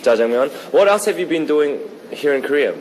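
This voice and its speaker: Fast-talking male field reporter outdoors. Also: on the high side, lively intonation, slight background noise, low-quality recording. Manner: brisk, upbeat questioning. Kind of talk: on-location street interview. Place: outdoors in a park.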